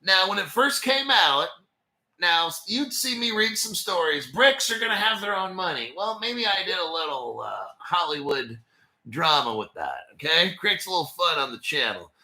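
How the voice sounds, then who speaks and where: A man's voice: on the high side, big pitch swings, moderate pace, pushed and bright, echoey room. A man hosting a casual crypto commentary video, talking in a hyped, jokey way and swearing often. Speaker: crypto channel host.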